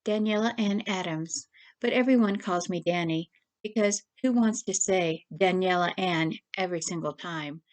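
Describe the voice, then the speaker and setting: A woman voicing a grieving young woman who rambles nervously in long rushes. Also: fairly low pitch, close to an everyday voice. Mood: rambling.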